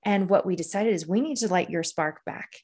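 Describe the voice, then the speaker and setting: A woman with a slightly low voice talks as a leadership coach in an interview. She tells stories earnestly and keeps checking in with her listener, dropping a "right?" at the end of her points. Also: brisk, darkish tone, slightly rough. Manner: earnest, storytelling, frequent "right?" tags. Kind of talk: conversational interview.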